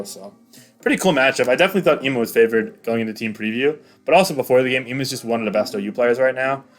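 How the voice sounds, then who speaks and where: Excitable man commentating a game. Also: mid-range voice. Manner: chatty, excitable, rambling with fillers. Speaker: YouTube battle commentator. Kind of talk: casual play-by-play game commentary.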